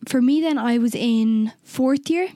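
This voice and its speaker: A woman's voice: on the high side, a little slow, warm tone, a little hiss or hum. Candid young woman telling a story. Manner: candid, swears freely, acts out quoted exchanges. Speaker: podcast co-host. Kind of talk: casual chat, personal storytelling.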